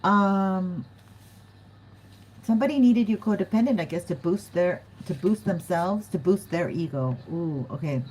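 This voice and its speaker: Over poor audio, a woman gives her viewers a casual tarot reading in a lowish, husky, slightly mellow voice, never hurrying. She's chatty and giggles a lot, putting on voices for what others might say.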